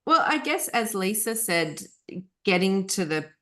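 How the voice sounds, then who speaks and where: A woman, a podcast guest, telling her story in a measured, slightly hesitant way. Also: mid-range voice, very animated, fairly bright tone. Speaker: guest, columnist. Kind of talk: conversational storytelling.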